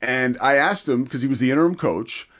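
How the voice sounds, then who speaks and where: A man's voice: medium pitch, brisk, fairly bright tone. A man co-hosting a sports talk show, chatting enthusiastically about football. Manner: enthusiastic, conversational.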